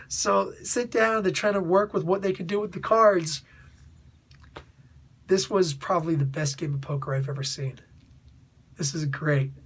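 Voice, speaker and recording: A man with a husky, slightly high voice talks through a comic book review in a loose, rambling way. He laughs often and keeps checking in with his listeners. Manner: chatty, laughs often, asks "you know what I'm saying?"; rambling, with restarts and asides. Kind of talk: casual spoken review.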